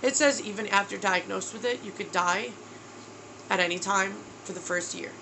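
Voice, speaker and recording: A woman's voice: medium pitch, moderate pace, background noise. A woman in her thirties from New York, telling a personal video diary in a candid, emotional way, tired and close to tears. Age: 30s. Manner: candid, emotional, says bro. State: tearful, exhausted. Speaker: vlogger.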